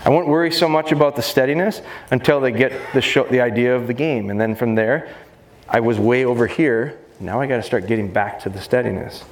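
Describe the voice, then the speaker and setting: Man giving an echoey seminar talk. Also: a little fast. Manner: lively, jokey, acts out high baby-talk voices to dogs. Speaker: dog trainer giving a seminar. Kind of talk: live seminar talk to an audience. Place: large expo hall. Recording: echoey hall with faint noise.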